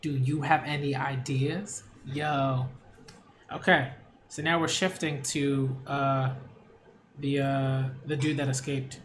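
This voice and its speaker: A man's voice: mid-range voice, level tone, takes it slowly, a little hiss or hum. A manga reviewer chatting casually as he reads aloud, laid-back and stumbling over words. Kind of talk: casual read-aloud commentary.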